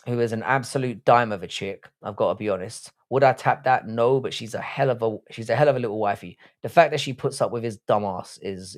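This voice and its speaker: A young English man hosting a livestream, reading chat aloud and bantering in a blunt, crude, rambling way with frequent restarts. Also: on the low side. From England. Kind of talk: casual live-stream chat.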